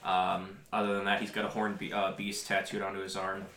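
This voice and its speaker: A man's voice: low voice, completely flat delivery, bright, forceful tone, echoey room, slight background noise. Casual man running a tabletop game. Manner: casual, halting with fillers. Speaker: game master.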